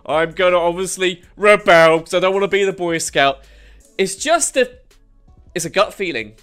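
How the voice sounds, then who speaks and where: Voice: mid-range voice, moderate pace, a bit bright, clean tone, soft background music. A host giving comedic news commentary, sarcastic and mocking, reacting to clips.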